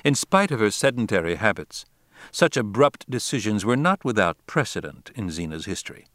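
Male audiobook narrator, measured delivery, lowish voice, dry booth sound. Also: big pitch swings, fairly bright tone, dry recording. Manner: measured, deliberate reading. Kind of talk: audiobook narration of a classic novel.

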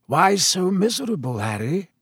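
A gentle old headmaster, wise and calm, speaking slowly and softly in a raised, lilting voice, as a storybook narrator puts him on. The sound is close and dry. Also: male voice, high-pitched, slightly rough, no echo, voice pushed up, exaggerated voice. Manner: slow, soft and measured.

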